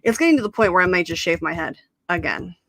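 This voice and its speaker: A woman's voice: lowish voice, expressive, fast talker, fairly bright tone, no room sound. A woman hosting a livestream chat, gushing and playful, swearing now and then. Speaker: stream host.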